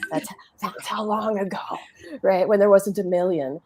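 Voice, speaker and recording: A middle-aged woman on a podcast panel, candidly telling a personal story in a lively, conversational way, acting out her own inner dialogue. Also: medium pitch, moderate pace, a little hiss or hum. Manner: animated and conversational, with frequent restarts, laughs and quoted inner dialogue.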